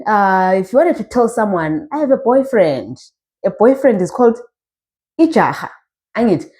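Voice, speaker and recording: A woman with a Zimbabwean Ndebele accent teaching a language lesson, saying each word slowly so learners can repeat it. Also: mid-range voice, mellow. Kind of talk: slow spoken language lesson.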